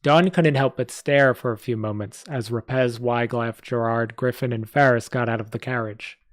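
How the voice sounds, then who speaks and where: A man's voice: mid-range voice, steady tone, moderate pace, no echo. A man reads a story aloud on a live stream. He keeps a plain pace and fixes small slips as he goes. The sound is close and dry. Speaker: story reader.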